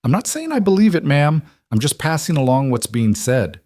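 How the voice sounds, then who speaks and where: A man's voice: fairly high pitch, very animated, moderate pace, a little mellow, no echo, voice pushed up. A nervous, gossipy farmer talks in a hesitant, placating way, voiced by a man. His voice rides well above the narrator's own. The sound is dry. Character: nervous middle-aged male farmer, gossipy.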